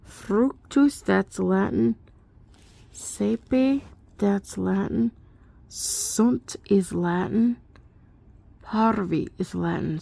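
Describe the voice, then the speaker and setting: A young woman talks slowly through her study notes in a casual, rambling way, full of fillers and little laughs. Her voice has a gravelly, fried edge. The recording is dry and close. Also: mid-range voice, mellow, no room sound. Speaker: homeschool student.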